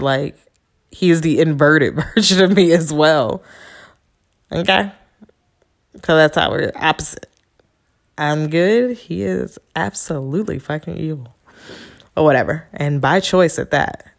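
Candid, profane woman with a low voice. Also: gravelly. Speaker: podcast host. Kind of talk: casual storytelling monologue.

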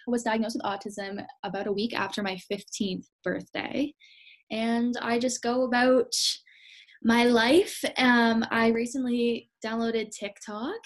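A young woman from Canada, a podcast guest who talks in a relaxed, candid way. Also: a little high. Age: young adult. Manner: relaxed, candid, with fillers and restarts. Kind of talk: casual interview.

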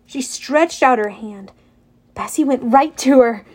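A woman narrating an audiobook in an expressive way. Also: sits high, unhurried, breathy edge. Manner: expressive, voices characters.

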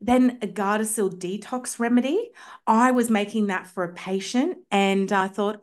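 Speaking at a moderate pace in a mid-range voice, this woman is a homeopath guesting on a podcast. She chats enthusiastically through personal stories, peppering them with filler words in a relaxed interview setting.

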